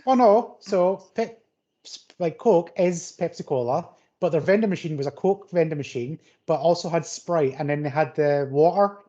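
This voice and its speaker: Brief: relaxed male podcast co-host, mellow dark tone, muffled lo-fi sound. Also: on the high side, normal speed. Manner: easygoing, agrees a lot, trips over words. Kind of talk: casual film-review chat.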